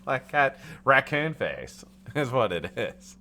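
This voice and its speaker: A man's voice: mid-range voice, big pitch swings, slow pace, sharp tone. A man in his forties from the United States hosting a casual live stream, joking, swearing and reading viewers' chat names aloud. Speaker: livestream host.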